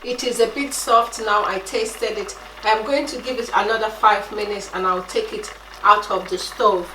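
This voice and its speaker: In her home kitchen, a Nigerian woman with a Nigerian accent cooks and tells a story, chatting animatedly to viewers. Her mid-range voice is steady and moderately paced over music, and the room is echoey with the mic at a distance.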